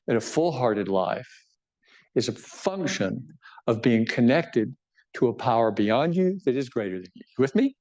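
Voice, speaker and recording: A bishop gives an informal book talk to a live audience, conversational and joking with self-deprecating humor, often checking in with his listeners. His medium-pitched voice is sing-song and a little mellow, at a moderate pace.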